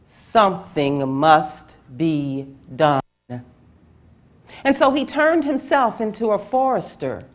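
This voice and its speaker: A woman tells an old folk tale at a public library, drawing every phrase out with long, deliberate pauses. Her voice sits on the low side, and she leans on repetition to build the rhythm of the story. The pace is very slow throughout. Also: fairly bright tone.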